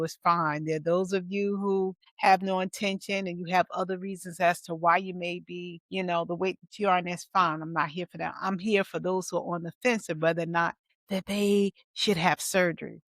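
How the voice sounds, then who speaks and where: A woman in her fifties, a pastor, telling her own story in a lively testimony style, acting out the people she quotes. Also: fairly low pitch, fairly quick, no room sound. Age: 50s. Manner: animated storytelling with acted-out quotes. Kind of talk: personal testimony vlog.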